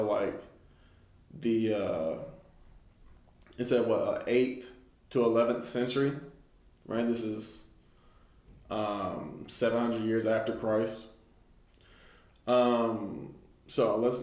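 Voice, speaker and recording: A man giving an informal Bible study lesson, reading a text aloud and commenting loosely with many fillers. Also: mid-range voice. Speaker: Bible teacher. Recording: echoey room.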